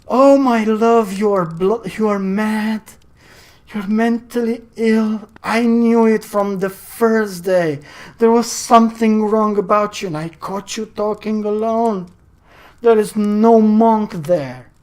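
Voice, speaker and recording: A storyteller voicing a distraught young wife who begs her husband to stop, in a raised, slowed, pleading voice. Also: medium pitch, a little mellow, voice pushed up, natural voice. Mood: pleading, tearful.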